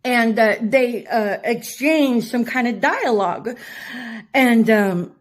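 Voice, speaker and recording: A woman's voice: a little high, slow. A woman telling a rambling story in a casual vlog, laughing often and swearing freely. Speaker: vlogger. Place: her cousin's home.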